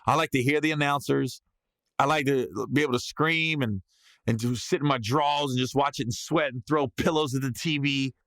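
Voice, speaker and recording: A man hosting a podcast, telling a comedic story in a lively way and breaking into loud yelled reenactments. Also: mid-range voice, a little fast, no room sound. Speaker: podcast host.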